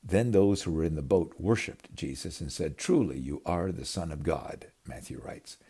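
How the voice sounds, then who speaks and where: A man delivers a storytelling sermon in a very low, husky, mellow voice. His pitch swings widely as he dramatizes the scenes. He speaks to his listeners as his friends. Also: lively intonation, normal speed. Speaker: preacher.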